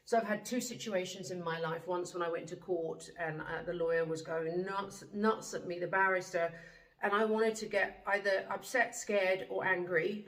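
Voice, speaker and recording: A woman's voice: medium pitch, roomy sound, poor audio. Earnest woman giving spiritual teachings. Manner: earnest, emphatic declarations with frequent ums. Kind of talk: spiritual monologue to camera.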